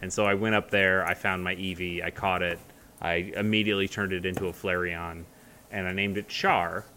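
A man's voice: low voice, little pitch movement, a little fast, pushed and bright, slight background noise. A man chatting casually as a co-host, rambling with many fillers and restarts. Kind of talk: casual chat.

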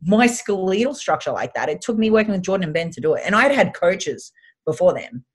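A woman with an Australian accent, telling stories as an animated, chatty podcast guest who swears casually. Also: fairly low pitch, a little fast, husky.

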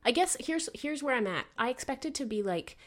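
Deadpan woman, blunt podcast chat. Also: high voice, moderate pace. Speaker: podcast co-host. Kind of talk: casual chat.

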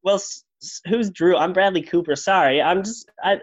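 A man playing a halting, stammering celebrity, lively pitch, dull lo-fi audio. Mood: flustered. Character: awkward, stammering male movie star. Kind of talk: improvised comedy sketch.

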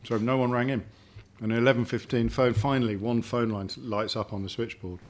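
A man's voice: mid-range voice, fairly even intonation, a little fast, a little hiss or hum. Chatty man telling stories. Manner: storytelling, repeats words when thinking. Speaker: guest. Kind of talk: casual dinner-table chat. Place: home dining room.

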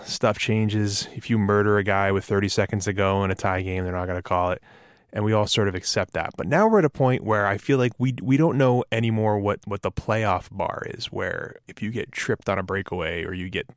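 A man with a fairly low voice co-hosts a casual sports chat. He argues his points emphatically and with a joking edge. The recording is dry and close, with no room sound. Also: a little fast, clean tone, dry recording. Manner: emphatic and joking, lively rants. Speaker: podcast co-host.

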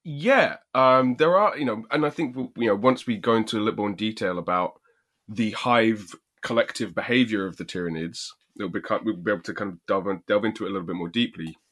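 A man's voice: fairly low pitch, a little fast, a bit bright. A man co-hosting a podcast, joking around and explaining things at length in casual chat. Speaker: podcast co-host.

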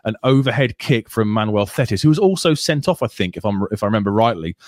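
A man's voice: lowish voice, expressive, fast, dry recording, clean studio sound. A man with an English accent co-hosting a casual football podcast, chatty and full of stats. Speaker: podcast co-host.

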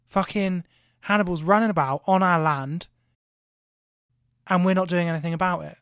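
A man's voice: sits high, fairly even intonation, normal speed, a bit bright, dry recording, studio quality. A man voicing a brash, boastful male Roman general who swears and swaggers. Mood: swaggering.

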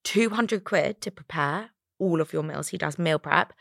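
A woman's voice: deep voice, normal speed, gravelly, no room sound, clean studio sound. A woman, co-hosting a podcast, chatty, laughing and swearing freely in casual conversation. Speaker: podcast co-host. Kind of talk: casual chat. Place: indoor studio room.

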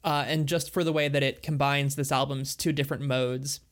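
A man's voice: medium pitch, fairly even intonation, normal speed. A man co-hosting a casual music podcast, talking thoughtfully and at length about songs. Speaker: podcast co-host.

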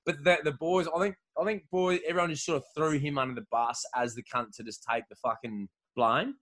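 A man's voice: a little high, steady tone, a little fast, fairly bright tone. An Australian man in casual chat, rambling and swearing heavily, laughing often as he tells stories.

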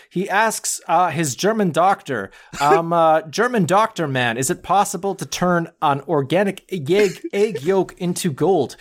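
A man's voice: high voice, expressive, a little slow. A man co-hosting a podcast, recapping a movie plot in a sarcastic, swearing way and acting out the characters' lines. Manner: sarcastic, swears, acts out quotes while retelling the plot. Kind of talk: casual chat. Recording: remote call.

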